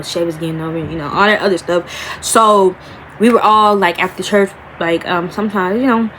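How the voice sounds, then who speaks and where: A young woman vlogger with a lowish voice tells a personal story to camera in a storytime vlog, rambling and emotional, calling her viewers "y'all." She slows down and rises in pitch to stretch out key words, and the low-quality recording has slight background noise.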